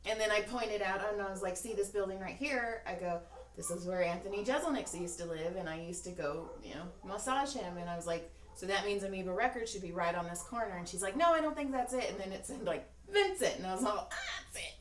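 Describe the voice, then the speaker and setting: A woman's voice: mid-range voice, quick pace, reverberant, far from the mic. A woman co-hosting a podcast in casual chat, telling stories with lots of acted-out quotes and swearing. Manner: animated storytelling, acts out quotes, swears freely. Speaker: podcast co-host.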